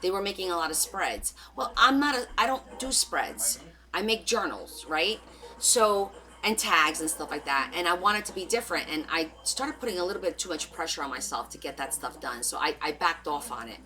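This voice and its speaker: A woman's voice: fairly low pitch, expressive, moderate pace, sharp tone. A woman hosting a live crafting stream, chatting casually and rambling as she answers viewers' comments.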